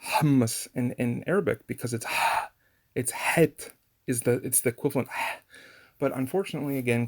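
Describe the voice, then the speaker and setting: A man's voice: mid-range voice, gravelly, a little mellow. A man giving a casual language lesson on pronunciation, chatty and full of fillers and restarts. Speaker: language teacher.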